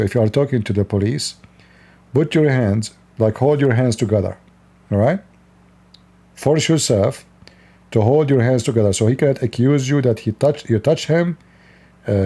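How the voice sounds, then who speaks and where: A man's voice: medium pitch, warm tone, breathy edge. A man from the East, hosting a livestream and giving blunt, lecturing advice with frequent laughs. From Middle East. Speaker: livestream host. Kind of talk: casual advice talk.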